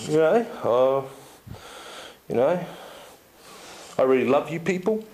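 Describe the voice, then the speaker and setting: A man giving a seminar talk to an audience, telling stories in an animated way, laughing often and checking in with "yeah?". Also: fairly high pitch, a little slow, pauses often. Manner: animated storyteller, laughs often, tag questions. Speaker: seminar speaker. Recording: echoey room.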